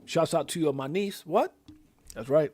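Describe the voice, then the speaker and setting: A man hosting a live stream, casually reeling off shout-outs to viewers with loud, excited bursts. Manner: lively, hyped, drawn-out shout-outs with sudden loud high bursts. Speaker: livestream host.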